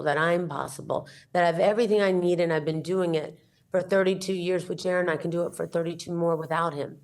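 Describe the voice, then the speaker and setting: A woman's voice: low voice, darkish tone. A woman guest on an interview podcast, an author and entrepreneur, speaking in an earnest, reflective, motivational way. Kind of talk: heartfelt interview conversation.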